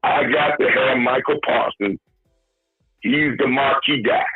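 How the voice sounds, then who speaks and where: Measured and fairly even in intonation, a mid-range male co-host analyzes football on a sports podcast with no echo. The audio sounds husky and phone-like, with faint music, as he lectures with emphasis and repeats his points.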